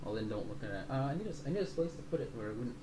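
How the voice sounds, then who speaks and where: A man's voice: mid-range voice, expressive, rapid-fire, dark tone, a little hiss or hum. Rambling man running a tabletop game. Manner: rambling, muddled by the rules, casual swearing. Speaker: game master. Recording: roomy room sound.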